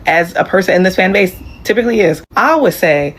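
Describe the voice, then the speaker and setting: A woman's voice: on the low side, expressive, fairly quick, breathy edge. Woman fan commentator, playful dramatic gossip storytelling.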